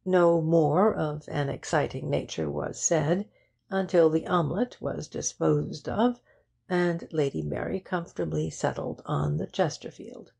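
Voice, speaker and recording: A woman narrating an audiobook in an even, unhurried reading. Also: low-pitched, gravelly, husky. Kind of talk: scripted narration.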